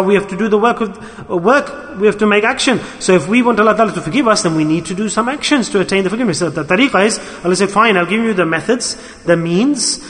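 A man with a high voice gives an earnest, repetitive sermon. He works Arabic religious terms into his English. His voice rings with a long reverb, as in a large hall. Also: a bit bright. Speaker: preacher.

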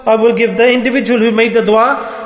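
A man's voice: extremely high pitch, steady tone, a little fast, big-room sound. A man delivering an earnest sermon, repeating points and mixing in Arabic and Urdu religious terms. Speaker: religious teacher.

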